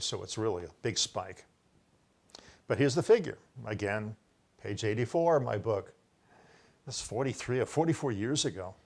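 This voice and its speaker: An older man giving a rambling solo talk, presenting his own research and often correcting himself as he insists he was first with an idea. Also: medium pitch. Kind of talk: solo lecture to camera, showing book pages.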